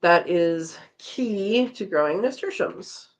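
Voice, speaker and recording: A woman's voice: on the low side, lively intonation, slow. A tired woman hosting a casual live chat, reading out viewer comments and chatting back with a laugh. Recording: slightly dull lo-fi audio.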